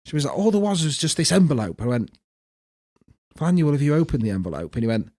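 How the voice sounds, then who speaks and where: A man's voice: fairly high pitch, big pitch swings, fast, darkish tone. A man co-hosting a podcast, telling family stories with plenty of swearing and laughter. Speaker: podcast co-host. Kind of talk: casual banter, storytelling.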